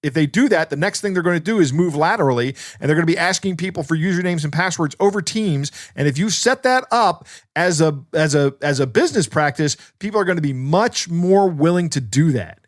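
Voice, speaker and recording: Man, podcast co-host, storyteller, a bit high-voiced, dry close sound. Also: lively intonation, a little fast, few pauses, dry recording. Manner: storytelling, many restarts. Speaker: podcast co-host, security expert. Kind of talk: casual chat.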